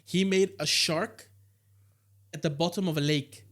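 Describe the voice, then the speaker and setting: A man's voice: fairly high pitch, steady tone, measured pace, fairly bright tone. A young man co-hosting a podcast, talking emphatically in casual chat. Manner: emphatic, says bro a lot.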